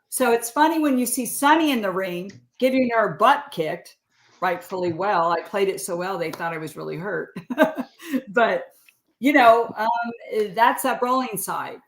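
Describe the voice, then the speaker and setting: A woman's voice: mid-range voice, fairly bright tone, echoey room. A sixty-year-old woman from California, a podcast guest telling stories in casual, chatty talk and laughing often. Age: 60s. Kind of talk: casual interview chat.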